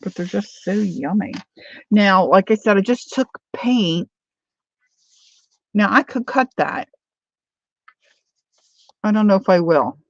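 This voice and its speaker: A chatty woman crafting on camera, talking her viewers through what she is making. Her voice has a gravelly, creaky edge, and it comes across dry and a little dull, as if recorded close on a modest mic. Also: medium pitch, lively intonation, slow pace, pauses often, no room sound. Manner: chatty, reads viewer comments aloud. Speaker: craft vlogger. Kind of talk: casual crafting chat.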